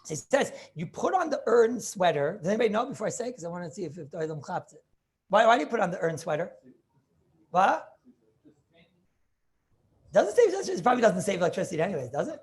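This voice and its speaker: A man's voice: high voice, very animated, fast, long pauses. A man teaching a Talmud class over a video call, thinking aloud with many restarts and questions to his students.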